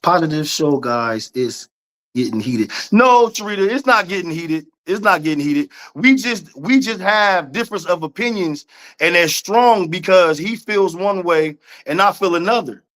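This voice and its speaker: A man's voice: sits high, moderate pace, a bit bright. A man co-hosting a casual podcast debate, talking emphatically and repeating his points with slang. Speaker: podcast co-host.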